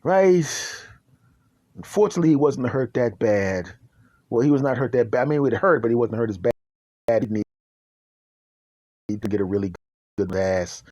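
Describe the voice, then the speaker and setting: Animated man telling a comic tale. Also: fairly low pitch, no echo, muffled recording. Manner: animated, deadpan-absurd, repeats "right?". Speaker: podcast host. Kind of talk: comic storytelling.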